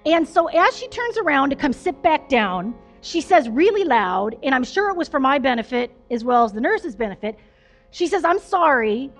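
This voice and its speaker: A woman's voice: high-pitched, sing-song, moderate pace, soft background music. A woman pastor giving a conversational storytelling sermon, chatty and self-deprecating, with lots of fillers.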